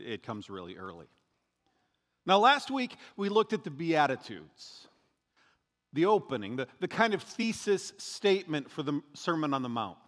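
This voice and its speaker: A pastor delivers a sermon with a slightly higher voice and very lively, swinging pitch. He keeps it conversational, tossing in joking asides between his points. His voice rings out with a long reverb, as if he were in a church sanctuary.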